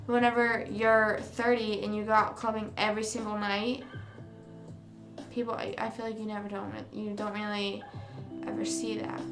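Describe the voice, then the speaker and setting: A woman's voice: medium pitch, level tone, normal speed. A young woman hosting a livestream, chatting casually with viewers, rambling and correcting herself with lots of fillers. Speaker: livestream host. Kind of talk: casual chat with live viewers. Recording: roomy sound with music behind. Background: music.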